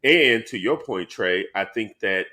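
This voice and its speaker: Low-voiced man, emphatic and slangy. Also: animated, unhurried, bright, forceful tone. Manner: emphatic, slangy, says bro often. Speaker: podcast co-host. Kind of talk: casual chat.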